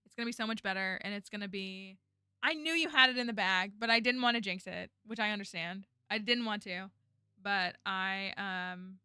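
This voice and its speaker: A woman's voice: medium pitch, normal speed, bright, forceful tone, clear, resonant tone, no room sound, clean studio sound. A woman streaming a game, talking casually and rambling with lots of fillers. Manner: chatty, rambling, many fillers like "like" and "um". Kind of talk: casual gameplay chat.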